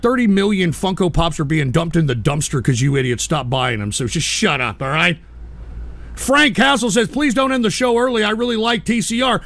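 A man hosting a live stream, angrily ranting and swearing at his chat with shouted outbursts. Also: high voice, dry recording. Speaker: live-stream show host.

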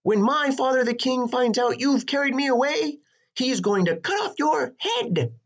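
A man's voice: wildly swooping pitch, a little slow, husky, muffled recording, full character voice. A man voicing a spoiled, bratty young princess who shrieks and whines in a storybook reading. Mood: shrieking. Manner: shrill, whiny, screaming outbursts.

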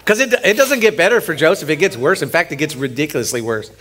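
A man, a pastor co-leading a sermon, retelling a Bible story in an animated, joking way. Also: a little high, fast, breathy edge. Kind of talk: sermon, co-preaching.

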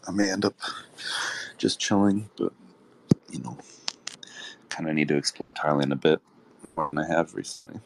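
A man's voice: extremely low pitch, normal speed, gravelly, pauses often, slight background noise. A man hosting a live audio chat room, talking loosely with lots of fillers. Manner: relaxed, rambling, filler-heavy talk. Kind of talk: casual chat. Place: Thailand.

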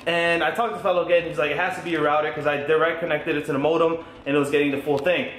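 A young man talks in a loose, excitable vlog style, rambling from one thing to the next and swearing freely. His voice sits a little high for a man. The sound bounces around an echoey room at home. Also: rapid-fire, a little hiss or hum. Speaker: gaming YouTuber. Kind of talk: casual vlog update.

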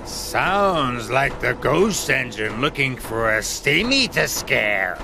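A man's voice: mid-range voice, big pitch swings, slow pace, vocal fry, music in the background, heavily acted. A man voicing a mocking male diesel engine who taunts another engine in a storybook reading. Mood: sneering.

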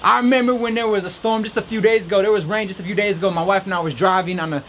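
Out in a rainstorm, a male podcast host races through an earnest, faith-centered pep talk meant to encourage listeners. His voice sits high with a fairly bright tone, and there's a slight hiss or hum in the recording.

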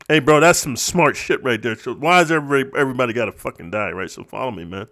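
A man's voice: mid-range voice, fast talker, hardly any pauses, bright, forceful tone. A man talking in a casual vlog monologue, streetwise and preachy, constantly calling the listener bro. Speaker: vlogger.

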